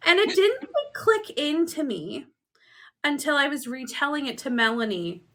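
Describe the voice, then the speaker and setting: A Canadian woman co-hosts a podcast and tells a story in relaxed chat. Her voice is bright and ringing. She acts out quoted lines with lots of laughter. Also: high voice, normal speed. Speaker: podcast co-host.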